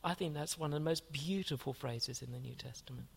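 A man's voice: fairly high pitch, brisk, creaky, husky. Earnest man preaching a sermon. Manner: reads aloud from a commentary; earnest, rhetorical questions to the congregation.

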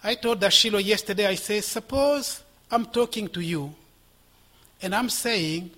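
A man preaching a sermon with passion, swinging from loud exhortation to hushed whispers. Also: high voice, measured pace.

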